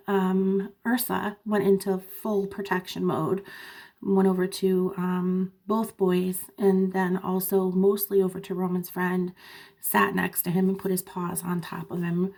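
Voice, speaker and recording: A woman's voice: medium pitch, slow pace. Chatty woman vlogger with a cough. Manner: chatty, animated, laughing asides, many fillers. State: sick with a cough. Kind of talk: casual storytelling to camera.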